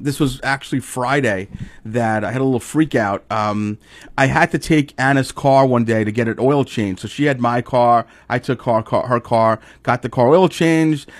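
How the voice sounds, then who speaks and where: Profane storyteller, dry sound. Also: male voice, mid-range voice, no echo. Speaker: podcast host. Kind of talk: casual chat.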